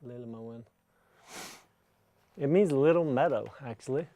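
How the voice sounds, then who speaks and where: A man's voice: medium pitch, moderate pace, darkish tone, no echo. A man from Norway, chatting casually as a guest musician in an easygoing, slightly nervous way. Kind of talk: casual conversation.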